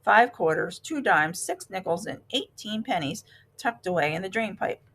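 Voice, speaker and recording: A woman voicing a fussy, stingy male mouse in a storybook reading, talking in a high, pitiful, theatrical way. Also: lively intonation, normal speed, fairly bright tone. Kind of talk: storybook read-aloud.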